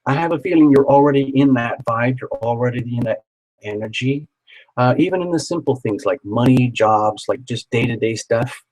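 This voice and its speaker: Man, husky, mid pitch, tarot reader, encouraging, chatty, live-stream reading. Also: moderate pace, a little mellow, rough recording. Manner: encouraging, chatty, repeats words for emphasis.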